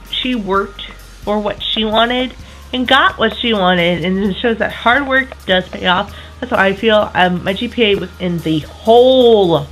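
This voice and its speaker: A woman in her twenties chatting casually to camera as a vlogger, enthusiastic, with quick self-correcting asides. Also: medium pitch, fairly bright tone, rough recording.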